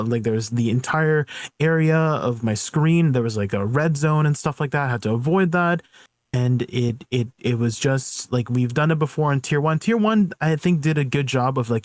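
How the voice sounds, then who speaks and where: A man's voice: medium pitch, darkish tone, no echo, studio quality. A man co-hosting a gaming podcast, giving long rambling explanations in casual chat. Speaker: podcast co-host.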